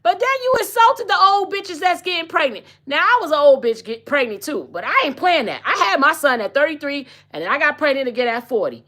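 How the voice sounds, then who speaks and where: A woman's voice: high voice, sing-song, fairly quick, hardly any pauses, pushed and bright. A woman in her forties hosting a podcast, giving blunt, sassy, slang-filled gossip commentary in a casual chat. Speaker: podcast host.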